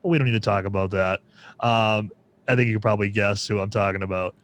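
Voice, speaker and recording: A man's voice: fairly low pitch, fairly even intonation, fast. A man hosting a music podcast, chatting casually and rambling through his points. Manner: rambling, full of restarts and fillers. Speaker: podcast host.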